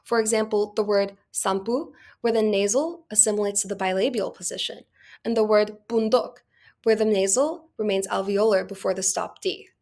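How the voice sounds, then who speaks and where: Young female student presenter giving a scripted class talk at a steady pace. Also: mid-range voice, moderate pace, gravelly. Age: young adult.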